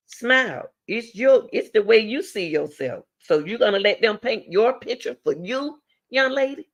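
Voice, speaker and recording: A middle-aged woman hosting a talk show, giving blunt, emphatic advice and repeating her key words. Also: medium pitch. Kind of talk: direct advice talk to a caller.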